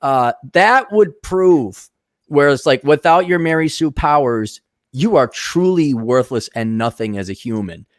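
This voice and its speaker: A man co-hosting a podcast, talking in a mocking, deliberate way. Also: a little high, lively intonation, no echo, studio quality. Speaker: podcast co-host. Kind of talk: casual chat.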